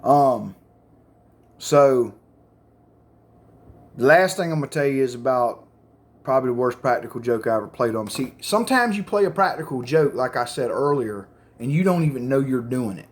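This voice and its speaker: A man's voice: medium pitch, lively intonation, moderate pace. A man telling a crude, rambling story to camera in casual, profane chat. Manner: rambling, crude, full of fillers.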